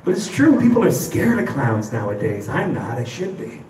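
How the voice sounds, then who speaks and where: Stand-up comedian, lively storyteller, heard from a distant mic on an echoey club stage. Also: male voice, mid-range voice, normal speed, slight background noise. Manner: animated storytelling, acts out quotes.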